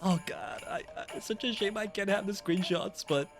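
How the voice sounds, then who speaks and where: A man streaming a video game, gushing excitedly with stumbling restarts. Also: high voice, moderate pace, over music. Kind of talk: casual live gameplay reactions.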